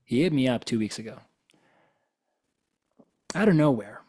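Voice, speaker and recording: With an animated, mid-range voice that's darkish and slightly rough, a man speaks at a measured pace in a live motivational talk. He's a coach and guest speaker on spiritual themes, telling stories in a casual, informal way, acting out dialogue and saying "you know" a lot.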